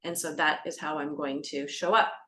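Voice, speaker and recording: A woman doula explaining birth practice to camera, lively and expressive, acting out scenes and dropping into a soft calm voice. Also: low-pitched, normal speed, a little hiss or hum. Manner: animated, acts out scenes with gasps and shifts to a soft calming voice. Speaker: doula educator. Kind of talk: educational talk to camera.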